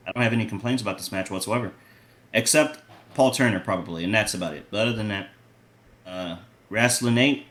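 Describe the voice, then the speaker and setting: A man co-hosting a podcast, casually giving his opinions and ratings in a relaxed way, with lots of "like" and "you know". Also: fairly low pitch. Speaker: podcast co-host. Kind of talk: casual review chat.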